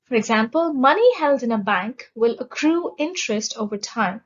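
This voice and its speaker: A woman's voice: a little high, expressive, lo-fi sound. A woman giving a scripted vocabulary lesson, pronouncing each word with care and spelling out stress and meaning. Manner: slow, deliberate, enunciating each word. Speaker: vocabulary teacher.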